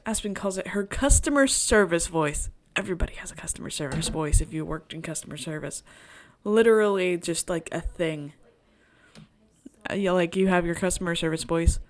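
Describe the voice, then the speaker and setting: A woman's voice: on the low side, normal speed. A woman streamer who reads a visual novel aloud and chats between lines, joking and laughing as she goes.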